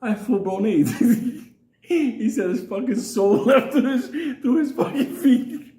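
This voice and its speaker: A man's voice: extremely high pitch, expressive, a little slow, echoey room, background noise. A man telling a crude story casually, laughing often and acting out other people's lines. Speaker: storyteller host.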